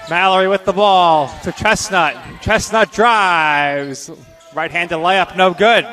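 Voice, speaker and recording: A man calling live basketball play-by-play, reeling off passes and shots in quick calls and getting louder on the big scores. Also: high-pitched, soft background music. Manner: rapid-fire calls, bursts of excitement on scores. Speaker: play-by-play announcer.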